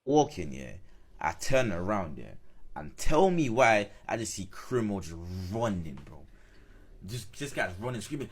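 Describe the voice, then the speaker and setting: Husky, low man telling a story. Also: measured pace. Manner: animated, laughing, slangy. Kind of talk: casual storytelling.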